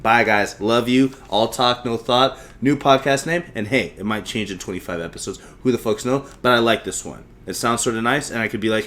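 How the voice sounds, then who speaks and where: A man's voice: lowish voice, fairly quick, fairly bright tone, slight background noise. A man in his thirties hosting a solo podcast, rambling freely with lots of swearing and self-mocking asides. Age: 30s. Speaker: podcast host.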